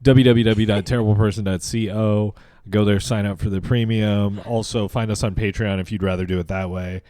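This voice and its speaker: A man's voice: lowish voice, fairly even intonation, a little fast, mellow, no echo, clean studio sound. A man co-hosting a podcast, telling a story in a rambling, joking way. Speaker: podcast co-host. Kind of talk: casual chat.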